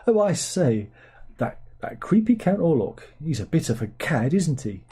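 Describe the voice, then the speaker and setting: A man's voice: sing-song, moderate pace, dark tone, husky, full character voice. A man voicing a plummy, prim upper-class Englishman in a mocking, gossipy put-on voice. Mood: mock-genteel. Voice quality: raised pitch, mock-posh.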